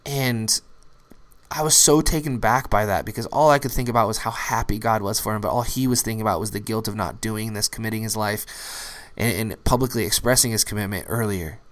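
A man's voice: fairly low pitch, a little fast, a bit bright. A young adult man, a pastor, preaching a sermon in an earnest storytelling way that rises to emphatic peaks.

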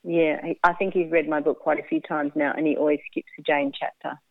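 Speaking briskly in a low voice with a level tone, a woman shares a personal story as a radio interview guest. She's candid, laughs a lot, and acts out what people told her; the line sounds tinny and phone-like, dry with no echo.

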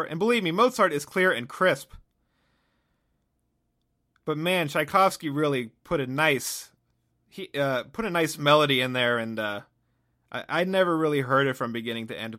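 A man's voice: on the high side, bright, forceful tone. A man hosting a podcast, rambling through a sardonic solo comic monologue and often cutting himself off mid-thought. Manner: rambling, sardonic, self-interrupting. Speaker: podcast host.

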